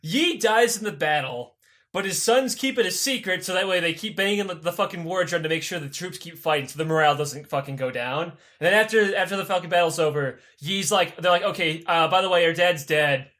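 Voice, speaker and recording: Brief: male co-host, high lively voice, profane, rambling comic history retelling. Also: a little fast. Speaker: podcast co-host. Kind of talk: casual comedic history retelling.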